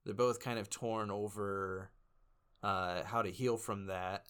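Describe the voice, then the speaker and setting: Man, low voice, casual podcast chat, joking, relaxed, movie reviewer. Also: slow, clear, resonant tone. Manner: relaxed, joking, laughs often.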